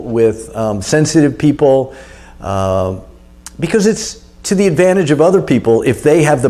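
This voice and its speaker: A man's voice: mid-range voice, mellow. A middle-aged man teaching a guided anger exercise, coaching and urging the listener on.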